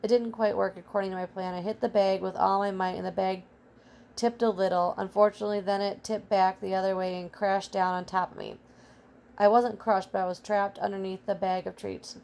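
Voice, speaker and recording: A woman's voice: medium pitch, fairly quick, vocal fry, lightly acted. A woman voicing a plucky pet hamster. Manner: earnest, excitable first-person storytelling. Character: small brave pet hamster, male.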